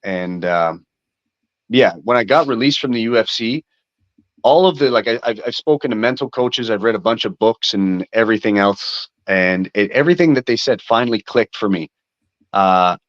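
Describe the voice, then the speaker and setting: Man in his thirties, low voice, candid rambling talk, swears freely, dull dry lo-fi recording. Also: moderate pace, dry recording. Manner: candid, rambling storytelling with frequent swearing and fillers. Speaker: MMA fighter, interview guest. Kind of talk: casual interview talk.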